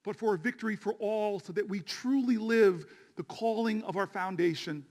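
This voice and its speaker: A man giving an impassioned rally speech, telling a story and building to shouted refrains. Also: high-pitched, normal speed. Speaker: politician.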